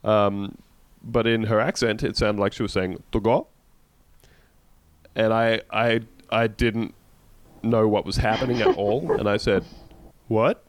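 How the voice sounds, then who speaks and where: A man's voice: lowish voice, flat delivery, moderate pace. An Australian man co-hosting a casual comedic chat, telling stories with plenty of swearing and jokes. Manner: sweary, jokey storyteller. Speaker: podcast co-host.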